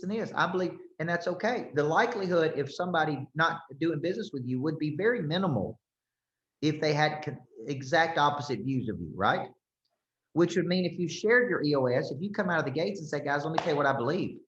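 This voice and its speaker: A man's voice: a little high, fairly bright tone. A man coaching a group, speaking emphatically and checking in often with "okay?" and "right?". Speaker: business coach. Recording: roomy, slightly dull sound.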